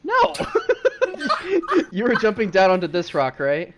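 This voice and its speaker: A man's voice: sits high, wildly swooping pitch, slow pace, a bit bright. A man narrating a tabletop game as game master, loose and profane, laughing often. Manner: laughing, profane, loose storytelling with many fillers.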